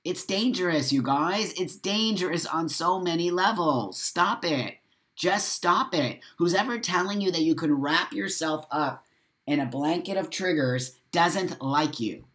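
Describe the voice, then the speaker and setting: This man, wired on coffee and short on sleep, hosts a casual live stream where he reads viewer comments and responds in a heated, emphatic way. He swears freely and speaks directly to viewers. His voice is fairly high, a bit bright, animated and unhurried.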